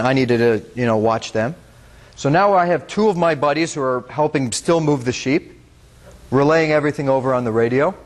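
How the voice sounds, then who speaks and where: A young man from the United States giving a public talk as a guest speaker. He tells a story in an earnest, conversational way, speaks straight to the audience and often fills pauses with "uh". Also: a little high. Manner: earnest, conversational, talks to the audience directly, with frequent fillers.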